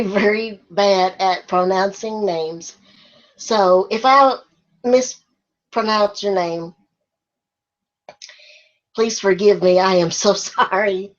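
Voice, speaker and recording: A giggly woman vlogger chats slowly and unhurriedly through viewer questions, laughing often. Her voice comes through a dull, lo-fi recording. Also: mid-range voice. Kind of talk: casual Q&A chat.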